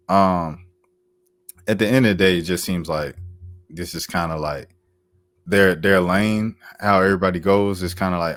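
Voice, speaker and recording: Deep-voiced man ranting in slang. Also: moderate pace, a bit bright, dry recording. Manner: slangy, repetitive, emphatic. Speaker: YouTube commentator. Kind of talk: casual commentary vlog.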